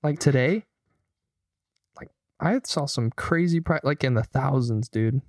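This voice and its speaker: A man's voice: mid-range voice, a little slow, dry recording, studio quality. A young man co-hosting a podcast, telling stories loosely and swearing freely in casual chat. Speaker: podcast co-host.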